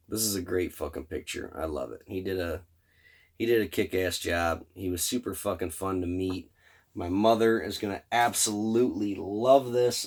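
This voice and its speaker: Low-ish guy vlogging, cussing nonstop, rambly excited storyteller. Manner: profane, rambling, enthusiastic. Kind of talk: casual storytelling about a fan convention.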